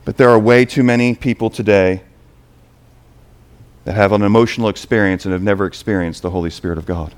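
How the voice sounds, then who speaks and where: A man preaching a sermon, moving between quiet asides and loud, emphatic points. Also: fairly low pitch, fairly even intonation, fairly quick.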